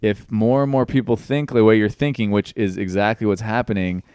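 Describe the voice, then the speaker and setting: A man's voice: fairly low pitch, steady tone, brisk, a little mellow, clear, resonant tone, dry recording. A young man arguing politics on a casual podcast, rambling and swearing as he makes his point, into a studio mic with headphones. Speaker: podcast guest.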